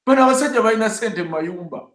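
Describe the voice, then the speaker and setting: A man giving animated, mocking commentary on an online talk show. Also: high-pitched, rapid-fire, reverberant.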